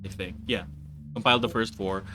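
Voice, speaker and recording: A man's voice: on the low side, steady tone, fairly quick, pushed and bright, soft background music. A man hosting a live stream, rambling and laughing as he chats, then reading a document aloud. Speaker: streamer host.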